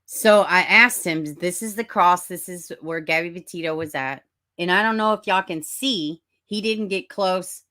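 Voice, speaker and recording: Southern woman, low voice, chatty livestream host who calls viewers honey. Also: moderate pace, sharp tone. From Middle Tennessee, US. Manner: chatty, drawling, greets viewers as honey and baby. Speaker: true-crime livestream host. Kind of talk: casual livestream chat reading comments.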